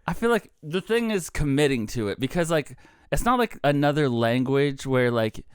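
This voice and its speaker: A man's voice: a little high, very animated, moderate pace, clear, resonant tone, no room sound, studio quality. A man co-hosting a comedy podcast, musing in a rambling, casual way and laughing often. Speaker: podcast co-host.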